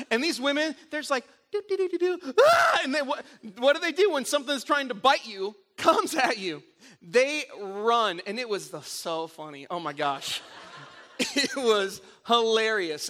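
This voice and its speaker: A middle-aged man preaching a sermon, telling stories in an animated way with frequent restarts. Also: sits high. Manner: animated storytelling with repeated restarts. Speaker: pastor.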